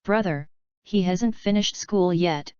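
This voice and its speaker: Woman reading as a little robot girl, bossy n chirpy, low smooth voice, dull lo-fi sound. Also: slow pace, a little mellow, no room sound. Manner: scolding, then chirpy and polite. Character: young robot girl housekeeper, cheerful and bossy. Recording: dull lo-fi recording.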